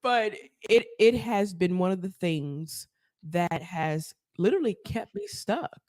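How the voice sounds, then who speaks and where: A woman, a therapist, telling her story as a podcast guest, animated and laughing often as she acts out quotes. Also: fairly low pitch, measured pace, dry recording, studio quality. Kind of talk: casual storytelling interview.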